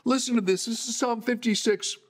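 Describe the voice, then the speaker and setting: A man's voice: very high voice, steady tone, fairly quick. A male pastor preaching a storytelling sermon, repeating phrases for emphasis.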